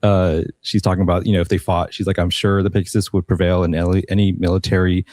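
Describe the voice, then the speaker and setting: A man hosting a casual panel discussion, thoughtful and unhurried, with many pauses and restarts. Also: low voice, flat delivery, darkish tone, no echo. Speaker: podcast host.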